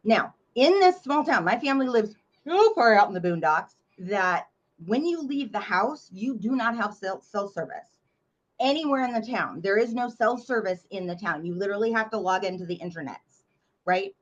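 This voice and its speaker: Blunt, animated woman storyteller. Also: mid-range voice, normal speed, highs cut off. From North Carolina, US. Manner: animated, blunt, swears freely. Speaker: memoir author, podcast guest. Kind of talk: casual interview storytelling.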